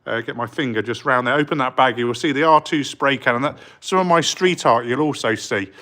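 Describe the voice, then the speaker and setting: A man's voice: medium pitch, brisk, pushed and bright. A middle-aged man from England chatting casually on a live stream while working in his art studio, rambling with plenty of ums and eagerly greeting viewers. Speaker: street artist streaming live.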